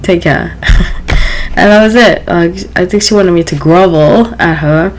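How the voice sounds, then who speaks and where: A woman's voice: fairly low pitch, a little slow, rough recording. Chatty woman telling a story. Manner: chatty, lots of fillers. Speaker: channel host. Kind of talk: casual storytelling.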